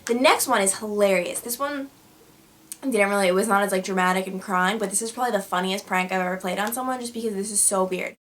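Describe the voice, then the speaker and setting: A woman's voice: mid-range voice, fast, a bit bright, slight background noise. A young woman telling stories casually to her vlog audience, chatty with lots of fillers. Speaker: vlogger. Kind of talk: casual storytelling.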